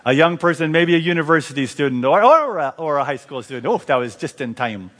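Fervent preacher in a reverberant church. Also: male voice, on the high side, animated, brisk, a bit bright. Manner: fervent, calls out to the congregation. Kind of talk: revival sermon. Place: large church. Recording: long reverb of a large church.

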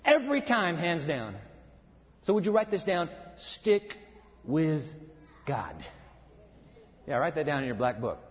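A man preaching a sermon, emphatic, swinging between loud passages and hushed ones. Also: a little high, big pitch swings, a little fast. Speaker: pastor. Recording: reverberant hall, dull sound.

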